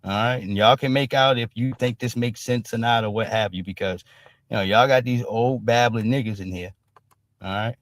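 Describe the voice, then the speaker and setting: A man's voice: medium pitch, fairly even intonation, normal speed, no echo. A man hosting a casual live-stream commentary, blunt and profane, who keeps punctuating his points with a tag question. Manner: emphatic, keeps punctuating with "all right?"; blunt and profane street talk.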